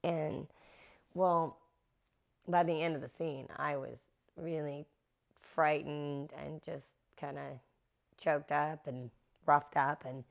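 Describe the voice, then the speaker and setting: A middle-aged actress being interviewed, animatedly telling stories and acting out the quotes. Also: female voice, low voice, gravelly. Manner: animated, acts out quotes with laughs. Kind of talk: anecdotal interview storytelling.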